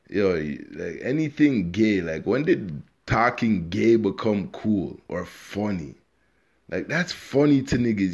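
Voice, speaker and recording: A man's voice: low-pitched, lively intonation, slow pace, vocal fry, husky. A man hosting a podcast in a casual, slangy and profane unscripted monologue, speaking straight to his listeners. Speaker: podcast host.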